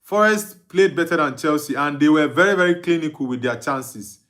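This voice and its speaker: A man's voice: on the high side, moderate pace, a bit bright. A young Nigerian man with an Igbo-accented English, hosting a live football watch-along, reading out viewer comments and answering them with frequent laughs. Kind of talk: live stream chat reading.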